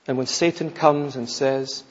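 Male pastor, unhurried sermon delivery, rough husky tone, swings from soft to loud. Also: medium pitch, steady tone. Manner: slow, emphatic preaching with sudden loud rises and hushed drops. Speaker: preacher. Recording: dull, lo-fi recording in a reverberant hall.

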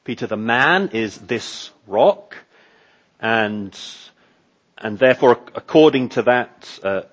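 A man preaching a sermon as pastor, slow and emphatic, building with repeated phrases. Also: mid-range voice, lively intonation, highs cut off.

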